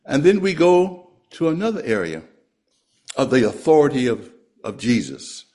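A man preaching a sermon and reading scripture aloud, speaking slowly and deliberately and letting his voice fall at the end of phrases. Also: very animated, mellow. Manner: slow, deliberate, drops pitch at phrase ends.

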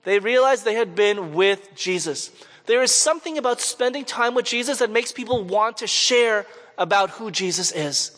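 A man from Montreal preaches in a relaxed, storytelling way and often turns to his listeners with questions. He, and his voice sits notably high for a man. The sound carries a long echo from a large hall. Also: normal speed. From Canada, Montreal. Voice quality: conversational, asks the audience questions. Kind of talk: sermon with personal storytelling.

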